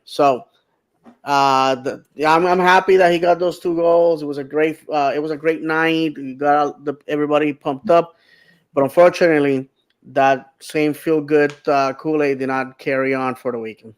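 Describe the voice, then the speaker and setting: Smooth-voiced man rambling about football. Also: fairly high pitch. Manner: rambling, many fillers and restarts. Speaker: podcast co-host. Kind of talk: casual sports chat.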